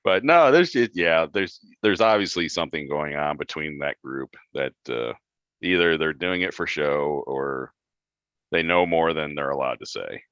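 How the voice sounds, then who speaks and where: A man with a very low voice chats in an easygoing, agreeable way and chuckles along. The sound is close and dry. The audio is dull and lo-fi. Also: animated, normal speed, a bit bright, no room sound. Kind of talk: casual chat. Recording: dry lo-fi recording.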